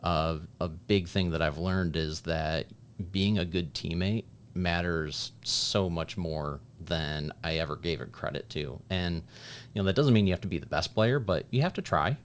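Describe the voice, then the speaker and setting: A man's voice: deep voice, normal speed, a little hiss or hum. A man from upstate New York, a podcast guest who talks about his experience in a reflective, plain-spoken way. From Liverpool, New York. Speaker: podcast guest, lacrosse player and referee. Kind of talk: casual podcast conversation.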